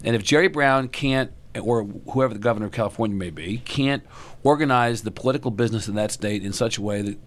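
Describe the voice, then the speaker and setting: A man's voice: mid-range voice, quick pace, hardly any pauses. A man giving wry, opinionated political commentary in a casual podcast chat.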